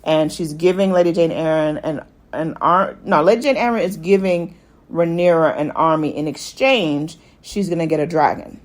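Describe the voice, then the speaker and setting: A chatty woman talks through a TV episode the way she would with a friend, her voice sitting a bit low for a woman. Her talk is loose and lively, full of fillers, and she keeps breaking into quick acted lines from the scenes. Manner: chatty and animated, jumps into quick acted quotes of characters. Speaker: podcast host. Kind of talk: casual TV recap chat.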